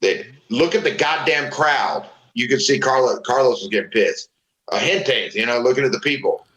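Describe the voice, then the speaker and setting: The audio is poor and reverberant, carrying a mid-range male voice at normal speed. He's a middle-aged ex-pro wrestler from Florida, a guest in a casual interview, telling animated, profane stories and voicing what people said.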